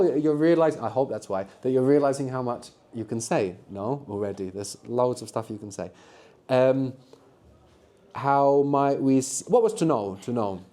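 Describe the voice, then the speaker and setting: A man's voice: medium pitch, expressive, moderate pace, mellow. A man teaching a live language workshop to university students, patiently prompting them with questions and answers. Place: lecture room at a university.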